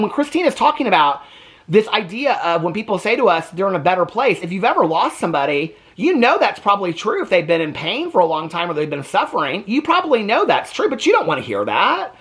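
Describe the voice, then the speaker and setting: A man's voice: sits high, big pitch swings, fairly quick, fairly bright tone. A man hosting a reaction video, recapping an episode in casual commentary, blunt and opinionated, swearing now and then.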